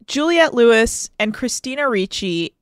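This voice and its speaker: A woman's voice: on the high side, animated, unhurried, no room sound, clean studio sound. A woman co-hosting a podcast as producer, chatting casually in a playful, opinionated way. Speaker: producer and co-host. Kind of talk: casual chat.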